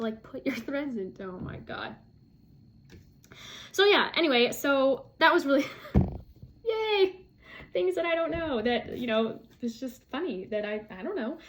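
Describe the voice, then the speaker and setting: A woman's voice: fairly high pitch, a bit bright. A woman vlogging casually to camera, chatty and self-deprecating, with frequent fillers and laughs. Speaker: flosstube vlogger.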